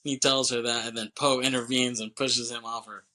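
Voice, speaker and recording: A man's voice: mid-range voice, little pitch movement, fairly quick, bright, forceful tone. A man co-hosting a podcast, casually recapping a movie scene by scene, rambling, laughing often and acting out lines. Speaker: podcast co-host.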